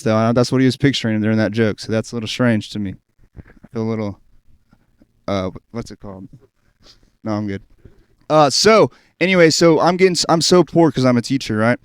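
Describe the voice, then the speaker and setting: A man jokes about his own life in a chatty, self-deprecating way. His voice is smooth and resonant at a middle pitch. The sound is dry and close, from a studio mic. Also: no room sound. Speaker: schoolteacher and comedian. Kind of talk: stand-up set on a podcast. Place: podcast studio.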